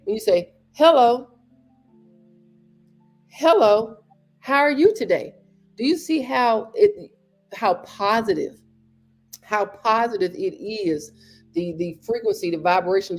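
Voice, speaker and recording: A woman's voice: mid-range voice, a little slow, faint music behind. A woman hosting a podcast, giving an earnest motivational talk and repeating phrases for emphasis. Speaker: podcast host.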